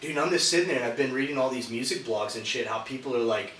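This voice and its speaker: Podcast co-host, male, bright, loose, profane storyteller; roomy room, off-mic, faint hiss. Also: medium pitch, fast, recorded from a distance. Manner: rambling, profane, says "dude" constantly. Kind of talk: casual storytelling chat.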